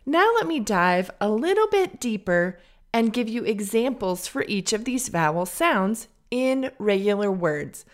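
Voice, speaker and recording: Slow, lively Midwestern woman teaching English. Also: medium pitch. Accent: General American (Midwest). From Illinois, United States. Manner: careful, deliberate teacher's delivery, drawing out model sounds. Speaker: English teacher, podcast host. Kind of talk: slow, clear pronunciation lesson.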